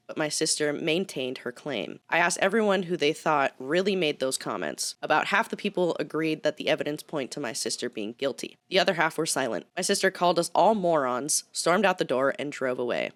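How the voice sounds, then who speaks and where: A young woman co-hosting a podcast, chatting casually and reading posts aloud with giggly asides. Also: sits low. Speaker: podcast co-host.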